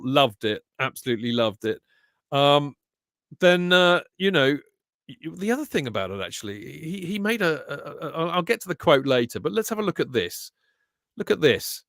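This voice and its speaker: A man hosting a casual football fan podcast, chatty and excitable, swearing freely. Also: mid-range voice, no room sound, studio quality. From England. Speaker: podcast host.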